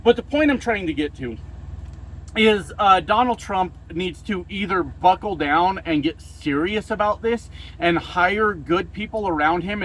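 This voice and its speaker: Profane, exasperated high-voiced man. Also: a bit bright, a little hiss or hum, poor audio. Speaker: political commentator. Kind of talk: casual political rant.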